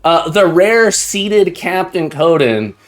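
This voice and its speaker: A man hosting a casual live stream, upbeat and chatty, greeting viewers warmly and repeating his phrases. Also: high voice, expressive, slow pace. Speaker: live-stream host and teacher. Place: room at home, indoors.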